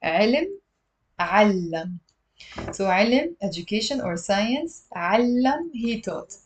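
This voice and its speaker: A woman's voice: fairly high pitch, very animated, a little hiss or hum. Patient woman teaching a language live. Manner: patient, repeats words slowly for learners. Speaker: Lebanese Arabic teacher. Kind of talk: live-streamed language lesson. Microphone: livestream camera mic.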